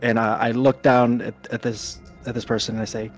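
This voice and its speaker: A man's voice: medium pitch, level tone, a little fast. A man at a tabletop game, recounting a story in a casual, easygoing way with a mid-range voice. Faint music plays behind. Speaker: player.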